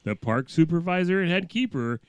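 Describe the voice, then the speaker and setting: A man's voice: on the high side, expressive, a little fast, heavy background noise. A man on a casual podcast, reading a news story aloud in a mock-serious delivery that keeps slipping into laughter.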